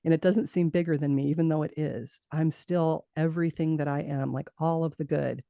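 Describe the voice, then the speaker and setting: A woman's voice: low-pitched, fairly even intonation, brisk, creaky, warm tone, no echo. A middle-aged woman, a guest in an interview, telling a personal story earnestly, laughing now and then and restarting her sentences.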